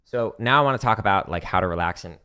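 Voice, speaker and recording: A man's voice: lowish voice, expressive, fast, pushed and bright, clear, resonant tone. A man teaching drum technique on a livestream, casual and explaining while he demonstrates, with frequent fillers. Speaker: drumming teacher. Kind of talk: livestream Q&A lesson. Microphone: streaming setup at home.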